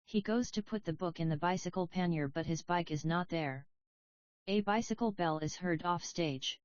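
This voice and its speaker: A woman reading a play aloud as an audiobook, giving the stage directions in a plain, even way. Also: lowish voice, moderate pace, no echo, highs cut off. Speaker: audiobook reader. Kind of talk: scripted narration of a play.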